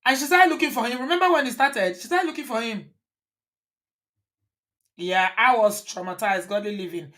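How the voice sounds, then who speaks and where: A woman host giving an animated, indignant commentary, firing off rhetorical questions. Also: fairly high pitch, normal speed, long pauses. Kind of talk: casual commentary.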